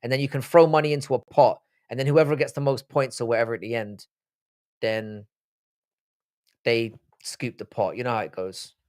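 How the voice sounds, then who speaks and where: A tired man in his thirties hosts a casual live stream, worn out but chatty, swearing freely, rambling, and often restarting his sentences. His medium-pitched voice is a little mellow, with fairly even intonation and a moderate pace.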